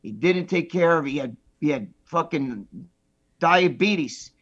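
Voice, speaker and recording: High-voiced blunt storytelling man. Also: lively intonation, unhurried, a bit bright, lo-fi sound. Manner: blunt storyteller, swears freely. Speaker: podcast regular. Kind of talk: casual chat.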